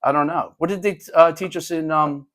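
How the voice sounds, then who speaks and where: An older man, a retired teacher co-hosting a chat show, telling a school story in an animated way and acting out the kids' lines. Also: fairly high pitch, a little fast. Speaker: retired teacher, podcast co-host.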